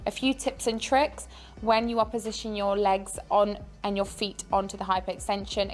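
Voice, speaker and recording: A woman fitness coach explaining an exercise and giving an upbeat, encouraging pep talk. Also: mid-range voice. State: out of breath.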